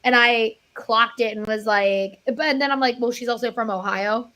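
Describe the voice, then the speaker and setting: A woman's voice: a little high, fairly even intonation, moderate pace, sharp tone. A woman from Pennsylvania with a Pennsylvania accent, a guest critic chatting enthusiastically and laughing mid-sentence. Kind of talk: casual chat.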